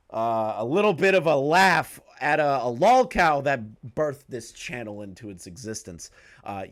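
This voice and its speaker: A man's voice: mid-range voice, a bit bright. A young man streaming a profane reaction commentary, ranting in disbelief with lots of swearing and frequent laughter. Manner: incredulous ranting, swears a lot, laughs often.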